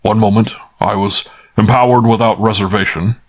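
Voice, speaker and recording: Narrator doing a terse imperious older detective in an audiobook, low and quiet. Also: male voice, steady tone. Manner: terse, measured.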